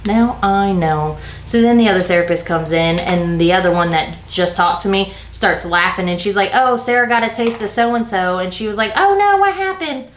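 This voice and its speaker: While doing her makeup, a woman beauty vlogger tells a workplace story in an animated way, leaning heavily on "like" and acting out what her coworkers said. Her voice is lowish and brisk with hardly any pauses. The recording has a roomy echo and a little hiss or hum.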